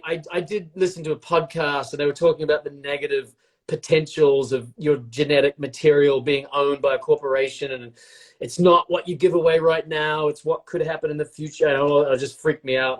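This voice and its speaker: A man's voice: a little high, flat delivery, fairly quick. A man chatting casually on a live video stream while baking, joking and rambling in a self-mocking way.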